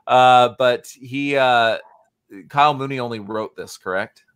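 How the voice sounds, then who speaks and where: A man's voice: medium pitch, slow pace, a bit bright, smooth. A man chatting casually on a podcast about a film, hesitant and filler-heavy. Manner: hesitant, lots of fillers and restarts. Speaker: podcast co-host.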